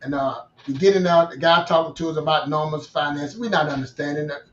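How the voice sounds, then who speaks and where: Animated man telling a story, roomy and distant. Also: a little high, fast. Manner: animated storyteller, restarts and repeats himself. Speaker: guest. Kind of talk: storytelling in a casual interview. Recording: roomy, distant, dull-sounding mic.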